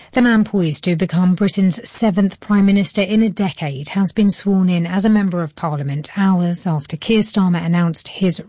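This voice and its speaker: A woman reading a news bulletin in a steady, formal newsreading manner. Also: fairly low pitch, dry recording.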